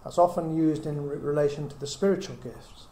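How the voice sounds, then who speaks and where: A slightly high, dark-toned voice, a little on the fast side, belongs to a middle-aged man earnestly teaching the Bible to a small group. He reasons aloud through frequent rhetorical questions, and the room is echoey with a faint hiss.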